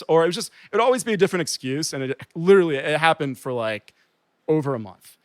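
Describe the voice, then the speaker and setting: A man's voice: a little high, animated, fairly quick, dry recording. Chatty man telling a rambling story. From transplant to New York. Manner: rambling, filler-heavy with many likes and restarts. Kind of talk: casual first-person storytelling.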